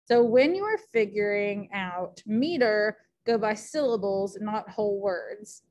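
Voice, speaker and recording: A woman's voice: mid-range voice, a little slow, darkish tone. A woman teacher giving a casual recorded lecture, chatty and thinking aloud with many fillers.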